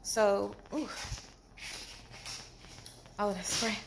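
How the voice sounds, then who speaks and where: A woman's voice: mid-range voice, moderate pace, background noise. Sore, exasperated woman vlogging from bed. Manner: animated, exasperated storytelling with slang. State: in pain after surgery. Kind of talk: casual storytime vlog. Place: hospital bed, indoors.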